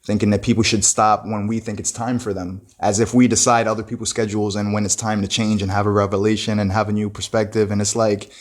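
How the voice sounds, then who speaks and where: A man's voice: fairly low pitch, little pitch movement, fast talker, hardly any pauses. A man giving a casual, reflective monologue, full of "you know" and "bro" and frequent restarts. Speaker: motivational talker.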